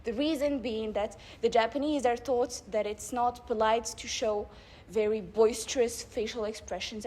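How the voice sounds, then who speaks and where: A young woman delivering a public speech at a debate club event, building her points with rhetorical questions and measured emphasis. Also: fairly high pitch, a little mellow, slight background noise. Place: live event before an audience.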